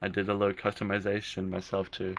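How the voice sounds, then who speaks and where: A man's voice: low-pitched, completely flat delivery, fast talker, slight background noise. A young adult man, a filmmaker and podcast guest, chatting casually and rambling with frequent restarts. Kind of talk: casual interview chat.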